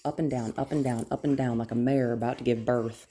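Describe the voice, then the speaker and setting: Low, mellow-voiced woman dog trainer. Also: fairly quick. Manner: explanatory, checks in with "right?"; drops to a soft whisper to calm the dog. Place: indoors in a house.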